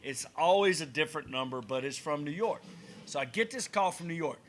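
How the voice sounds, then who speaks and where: A man's voice: a little high, fairly quick. A man co-hosting a casual podcast in a cigar lounge, telling stories and acting out conversations. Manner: animated storyteller who acts out conversations. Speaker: podcast co-host. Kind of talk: casual banter and storytelling.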